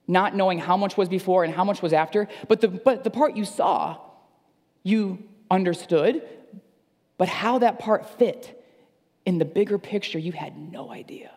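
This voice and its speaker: A man's voice: sits high, normal speed, darkish tone, big-room sound. A man preaching a sermon as pastor, earnest and repeating phrases for emphasis. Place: church service.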